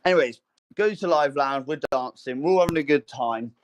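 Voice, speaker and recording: A young man co-hosting a casual podcast, telling a story with many fillers and restarts and acting out quotes in a higher voice. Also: brisk. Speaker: podcast co-host. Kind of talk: casual chat.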